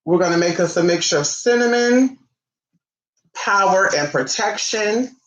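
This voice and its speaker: His voice sits high, animated yet unhurried and fairly bright. He's a flamboyant, sassy live-stream host walking viewers through a ritual, calling them honey and chatting back to comments, all in an echoey room.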